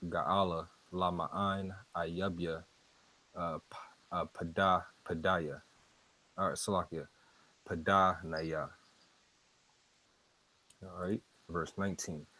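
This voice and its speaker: A man with a very low voice teaches scripture at an unhurried crawl. He talks casually and haltingly, repeating words and filling pauses as he goes. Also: a bit bright, rough recording. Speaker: street preacher teaching scripture. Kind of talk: casual Bible teaching, word by word.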